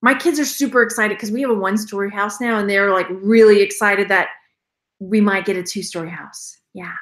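A woman's voice: on the high side, fairly bright tone. A woman in her thirties with a Texan accent, chatting casually on a live stream, rambling and laughing often as she acts out what others said. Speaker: reseller vlogger. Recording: echoey room.

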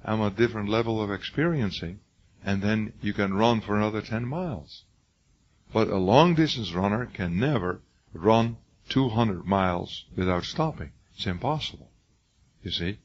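An older man teaches a class, his low voice hoarse and raw. He drives points home by repeating words and often restarts his sentences. The muffled, lo-fi recording dulls his husky tone. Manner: emphatic, repetitive, stumbling restarts. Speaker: lecturer. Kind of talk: classroom lecture.

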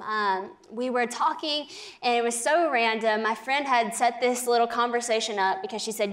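A woman's voice: on the high side, a bit bright. Earnest young woman telling a faith story. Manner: earnest storytelling with laughs, frequent "like". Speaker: guest speaker. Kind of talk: faith talk show conversation.

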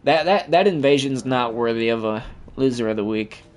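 A man's voice: medium pitch, animated, moderate pace, slight background noise. A man giving profane, trash-talking commentary over his own gameplay as the channel host.

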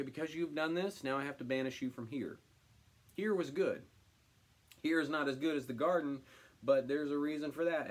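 A man leading a casual Bible study, reading scripture aloud and commenting on it in an animated, conversational way. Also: medium pitch. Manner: animated, paraphrasing God's words in a direct conversational voice.

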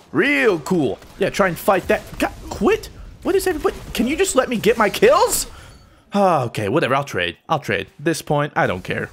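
A man giving excitable live gameplay commentary, joking and trash-talking opponents as he plays. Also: high-pitched, a little hiss or hum. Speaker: gaming channel host.

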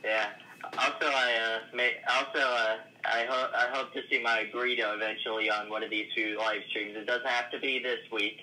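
A man's voice: medium pitch, little pitch movement, normal speed, bright, forceful tone, poor audio. A man calling in to a live show, talking in a hesitant, friendly way with lots of filler sounds. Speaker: caller. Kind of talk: casual phone-in chat.

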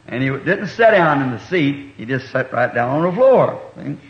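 Homespun middle-aged preacher, echoey old tape. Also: male voice, mid-range voice, sing-song, moderate pace. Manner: homespun and colloquial, with rural grammar and chuckles. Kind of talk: folksy sermon storytelling. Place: church meeting hall. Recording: echoey, dull 1960s meeting recording.

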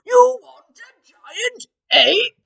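A woman doing a red-nosed duke who blusters and splutters in a storybook reading. The voice is loud and pitched high above her own, drawn out slowly in outrage. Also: animated, heavily acted. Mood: blustering.

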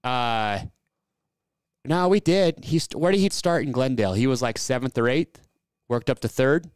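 Smooth-voiced man talking racing casually. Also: mid-range voice, moderate pace, no room sound. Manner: opinionated, rambling, restarts his thoughts. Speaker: fantasy racing show co-host. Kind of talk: casual sports chat.

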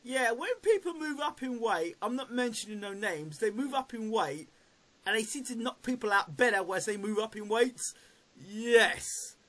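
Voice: medium pitch, lively intonation, moderate pace, a bit bright. An interview host asking guests questions in a casual, chatty way.

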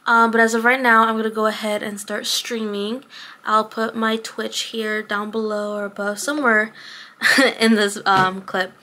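A woman's voice: on the high side, flat delivery, moderate pace, pushed and bright. A young woman chatting casually to her camera in a rambling vlog, with lots of ums and likes. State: out of breath. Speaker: vlogger.

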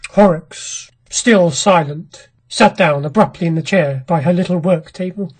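A woman reading a classic short story aloud in a measured, dramatic narration. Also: on the low side, a little mellow, breathy edge.

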